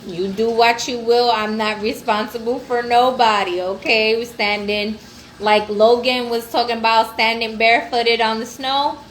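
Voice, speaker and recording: Woman livestream host, higher register, loose and profane, laughs often, faint background noise. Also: fairly even intonation, normal speed. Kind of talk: casual livestream chat.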